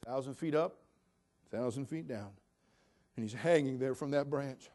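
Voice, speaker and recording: A man in his sixties from California preaching a sermon, swinging between loud, emphatic build-ups and soft, low asides. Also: moderate pace.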